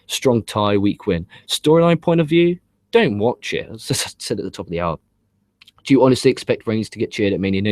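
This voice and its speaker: A man with a fairly low voice rants through a wrestling review, swearing freely and hammering his points through repetition. The sound is close and dry, with no room around it. He shifts between relaxed chat and heated complaint. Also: no room sound. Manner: ranting, profane, emphatic and repetitive. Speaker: wrestling show reviewer and host. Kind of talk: casual opinionated review with live comments.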